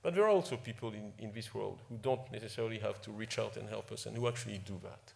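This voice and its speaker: There's a little hiss or hum behind this gravelly, fairly low, darkish voice as an Ivorian executive, native in French, talks at a quick pace. Giving an informal award speech at a ceremony, he is emotional and self-deprecating, with frequent restarts and repeated words.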